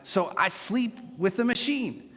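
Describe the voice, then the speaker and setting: A middle-aged man preaching a sermon as pastor, animated and joking with playful asides to his congregation. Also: high-pitched, a little slow, long reverb tail. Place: church sanctuary.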